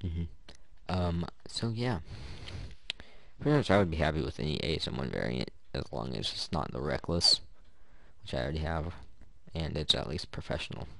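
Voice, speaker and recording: Low gravelly guy rambling over gameplay. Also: lively intonation, normal speed, a bit bright. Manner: rambling, joking, muttering to himself. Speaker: gaming YouTuber. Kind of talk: casual gameplay commentary.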